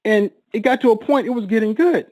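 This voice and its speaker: A man telling an emotional personal story, halting and repeating words, his voice rising as he relives a moment of panic. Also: high-pitched, mellow, no room sound, low-quality recording.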